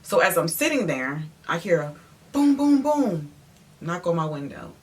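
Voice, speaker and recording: A woman interior designer telling a story in an animated, emphatic way, speaking straight to her viewers. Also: low voice, normal speed. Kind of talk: storytime vlog.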